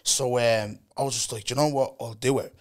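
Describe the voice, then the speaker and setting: A man's voice: mid-range voice, steady tone, brisk. A young man with an Irish accent hosting a podcast in blunt, slangy casual chat. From Ireland. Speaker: podcast host.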